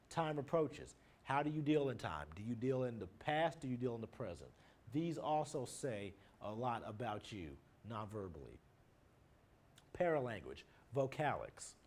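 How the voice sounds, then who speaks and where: In a plain lecture style, a married man explains nonverbal communication terms to his class one at a time, illustrating each with everyday examples. The recording captures an adult with a mid-range, slightly mellow voice.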